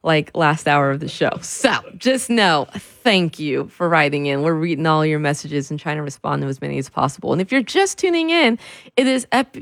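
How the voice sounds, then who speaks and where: A woman's voice: deep voice, big pitch swings, moderate pace, vocal fry, hardly any pauses, dry recording, clean studio sound. A woman radio host chatting casually between songs in a loose, laughing way.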